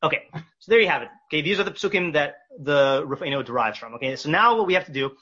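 A man leads a text study class in a bright, slightly husky voice. He reads verses slowly, then explains them with frequent fillers and restarts. The recording is dull and lo-fi. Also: fairly high pitch, animated. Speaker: Torah teacher.

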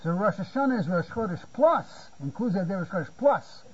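A man's voice: high-pitched, sing-song, fast, breathy edge, muffled recording. A man giving a Torah lecture, often repeating words and checking "you see?". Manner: repeats words while searching for phrasing, asks "you see?". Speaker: Talmud teacher.

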